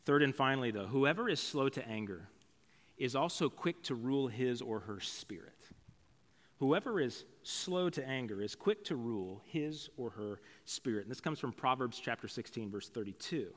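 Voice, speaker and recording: A man's voice: medium pitch, lively intonation, moderate pace. A male pastor preaching a sermon in a conversational, storytelling way, with casual asides. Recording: long hall reverb.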